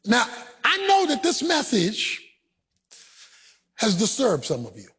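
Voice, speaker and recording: Husky man preaching in sung shouts. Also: very high voice, huge pitch swings, slow. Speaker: pastor. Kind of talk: sermon.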